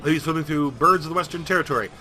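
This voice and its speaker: Fast, bright-voiced jokey gamer man. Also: on the high side, soft background music. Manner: animated, jokey, rambling. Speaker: game streamer. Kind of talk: comedic let's-play narration.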